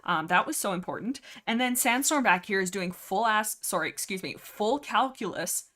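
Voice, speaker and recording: A woman's voice: mid-range voice, expressive, moderate pace, sharp tone. A young woman livestreaming a casual, rambling book discussion, sarcastic and chatty. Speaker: streamer.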